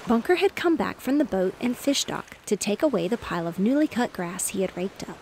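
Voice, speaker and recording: Gentle woman reading a bedtime story. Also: medium pitch, sing-song, a little fast, a little hiss or hum, poor audio. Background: ocean waves.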